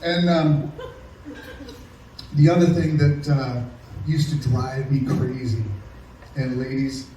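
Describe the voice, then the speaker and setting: A middle-aged man doing a stand-up comedy set, telling sarcastic, deadpan stories about an ex and bantering with the crowd. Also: medium pitch, slow pace, pauses often, slight background noise. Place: comedy club stage. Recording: echoey live room from a distance.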